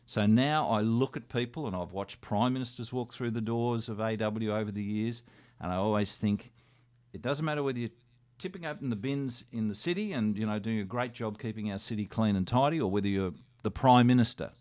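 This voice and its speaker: A man's voice: fairly low pitch, a little fast, no echo. Older Australian man telling stories. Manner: animated anecdotes with quoted dialogue. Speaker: radio guest. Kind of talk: casual storytelling.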